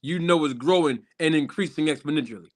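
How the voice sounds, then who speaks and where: A man's voice: on the high side, quick pace. Hype man hosting a live stream. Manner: hype, chatty, calls out to the chat. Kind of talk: casual live stream talk.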